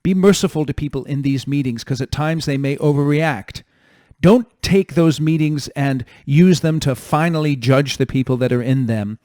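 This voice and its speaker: A man's voice: fairly high pitch, moderate pace, a little mellow, dry recording, studio quality. A man hosting a podcast, giving direct leadership advice point by point in a coaching tone. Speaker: podcast host. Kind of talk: solo advice talk.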